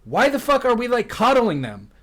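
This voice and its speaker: Lively exasperated young-sounding man. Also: very high-pitched, moderate pace. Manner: exasperated, profane, incredulous. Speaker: commentator in played clip. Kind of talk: casual ranting commentary.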